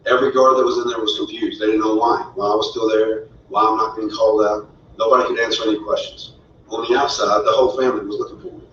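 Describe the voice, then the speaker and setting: A man's voice: on the low side, little pitch movement, quick pace, a bit bright, a little hiss or hum. A man telling his own story as a father, earnest and indignant. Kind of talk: personal storytelling. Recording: roomy, distant, dull audio.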